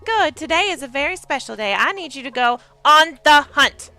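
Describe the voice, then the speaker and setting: A woman's voice: sits high, animated, moderate pace, sharp tone, soft background music, pitched above the performer's own voice, heavily acted. A woman voicing a cheerful, teasing mother bear with a put-on Southern accent. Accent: put-on American Southern.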